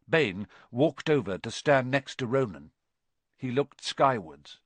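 A man narrating a children's fantasy novel as scripted storybook narration, with an expressive, dramatic reading. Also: mid-range voice, takes it slowly, no echo. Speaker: audiobook narrator.

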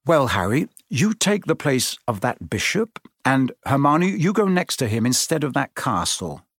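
A man's voice: mid-range voice, very animated, a little slow, a bit bright, slightly rough, no room sound, studio quality, full character voice. A man voicing a young boy wizard who takes charge of a chess game with bossy decisiveness. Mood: commanding. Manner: bossy, decisive under pressure.

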